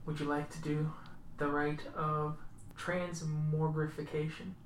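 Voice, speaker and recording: A woman voicing a sly female werewolf cultist who speaks in a hushed, conspiratorial way. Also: low-pitched, flat delivery, measured pace, echoey room, far from the mic, a little hiss or hum.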